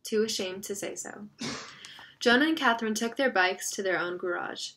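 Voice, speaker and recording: A woman reading a novel aloud as narrator. Her tone is bright and crisp. The delivery is steady and expressive. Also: medium pitch, moderate pace, slight background noise. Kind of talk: audiobook reading.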